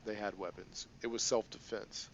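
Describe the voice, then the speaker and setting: A man's voice: on the low side, fairly even intonation, normal speed, fairly bright tone, lo-fi sound, a little hiss or hum, close to an everyday voice. A man doing a terse, grim cop.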